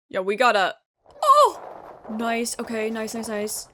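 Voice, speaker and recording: A woman's voice: a little high, very animated, extremely slow, fairly bright tone, a little hiss or hum. A young woman giving a live reaction commentary, emotional and pleading, often gasping or dropping to a whisper, close to tears. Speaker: anime reaction youtuber.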